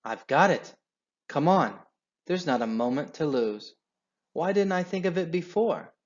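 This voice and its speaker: A man's voice: medium pitch, measured pace, darkish tone, natural voice. A man reading a storybook aloud, voicing a brave, determined male fox father who gives urgent commands. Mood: excited. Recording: dull lo-fi sound.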